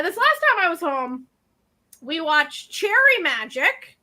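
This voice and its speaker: A woman chats casually on a home stream, spinning stories with lots of laughter and side tangents. Her voice sits high and bright, and it leaps around expressively as she talks. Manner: animated storyteller, laughs often, quick asides. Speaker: co-host of a colouring stream. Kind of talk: casual chat. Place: at home, dryer running nearby.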